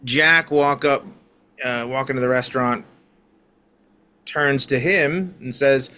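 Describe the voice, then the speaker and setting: A man narrating as game master of a tabletop game, halting with many fillers. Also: mid-range voice, sharp tone, clear, resonant tone.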